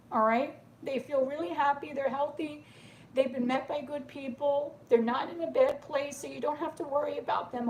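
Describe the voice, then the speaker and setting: A woman with a slightly high voice gives a gentle, reassuring tarot reading, often pausing to ask "okay?". She sounds tearful and emotional, her voice soft and consoling. A faint background noise sits behind her. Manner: soothing, reassuring, keeps asking "okay?". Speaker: tarot reader. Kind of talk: live tarot reading to viewers.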